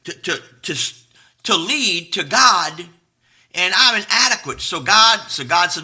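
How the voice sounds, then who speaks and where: Folksy husky man preaching live. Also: high-pitched, expressive, measured pace, sharp tone. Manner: folksy, talks straight and unpolished, greets viewers by name. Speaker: pastor. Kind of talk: casual live-streamed sermon. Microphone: live stream to a camera.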